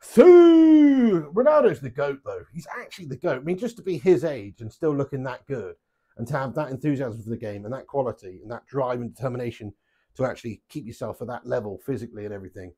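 A man's voice: medium pitch, expressive, quick pace, darkish tone, slightly rough. A man playing darts live, chatting to viewers and reading out their messages, joking, swearing freely and laughing a lot. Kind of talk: live stream banter, reading out chat. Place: home darts setup.

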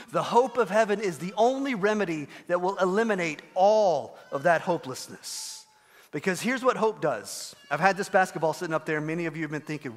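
A man preaching a sermon as pastor, telling a story and acting out the quoted voices with animated delivery. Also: high-pitched, long reverb tail. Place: church sanctuary.

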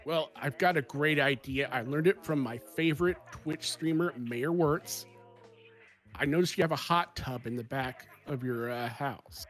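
A man's voice: medium pitch, measured pace, fairly bright tone, soft background music. A man playing a comedic tabletop game, brash and pushy in character. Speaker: player.

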